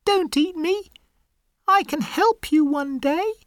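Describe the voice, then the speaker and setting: A man voicing a small, timid mouse in a children's story, high and squeaky. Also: takes it slowly, fairly bright tone, no echo, clean studio sound, full character voice. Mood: pleading. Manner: squeaky, pleading.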